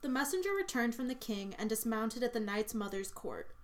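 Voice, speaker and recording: A woman narrating a medieval tale in an audiobook, telling the story in a measured, expressive way. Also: fairly high pitch.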